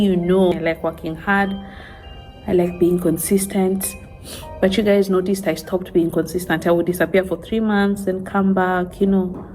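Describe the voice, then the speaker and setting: A woman vlogger speaking in a soft, halting way, holding back tears as she opens up to her viewers in a confessional vlog. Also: fairly low pitch, low-quality recording. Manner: halting, soft-spoken, tearful.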